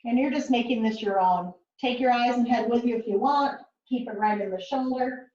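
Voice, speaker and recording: The speaker is a woman from the Netherlands teaching pilates on the mat, with a fairly high, darkish voice at a moderate pace. She counts reps in a rhythmic way and chats in between. The sound is roomy, distant and dull.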